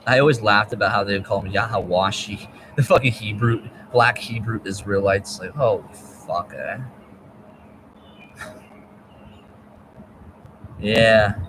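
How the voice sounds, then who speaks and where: A man in a rambling, profane monologue that jumps between topics, swinging from low muttering to loud outbursts. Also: slight background noise, low-quality recording.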